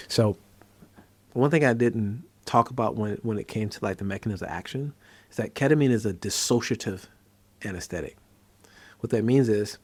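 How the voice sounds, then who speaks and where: A man with a lowish voice, recorded with no echo, hosts as a psychiatrist. He talks through a treatment conversationally, spins stories from his practice, and turns lively when acting out scenes.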